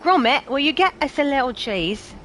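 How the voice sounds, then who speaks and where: A woman's voice: high voice, lively intonation, normal speed, fairly bright tone, a little hiss or hum, pitched above the performer's own voice. A woman doing a playful impression of a cheery, cheese-loving older British man, fond and bumbling.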